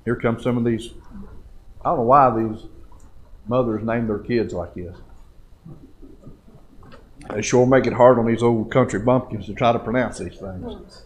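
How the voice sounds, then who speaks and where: A man's voice: mid-range voice, a little slow, long pauses, low-quality recording. A man preaching a live church sermon, folksy and exhorting, building with rhetorical questions. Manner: colloquial country phrasing. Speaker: lay preacher. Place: church sanctuary.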